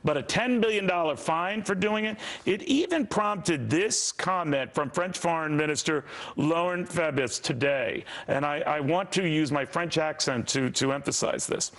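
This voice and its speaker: A wry man leads a television business panel and pokes fun at the topic. His voice sits a touch high and he fills pauses with frequent ums and uhs. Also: a bit bright. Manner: wry, mock-indignant, many uh fillers. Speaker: TV business news host. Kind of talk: TV panel discussion.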